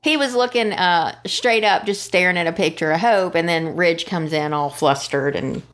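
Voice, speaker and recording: A woman's voice: fairly low pitch, normal speed, a bit bright. A woman co-hosting a podcast, casually recapping soap opera scenes in a chatty way, with fillers and quoted lines. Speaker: podcast co-host.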